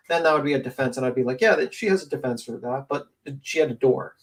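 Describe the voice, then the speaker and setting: A man's voice: medium pitch, rough recording. Sniffly man reading out legal definitions. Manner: reads out legal definitions with halting restarts, swears casually. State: stuffed-up nose, sniffling. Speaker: panel host. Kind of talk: casual panel discussion.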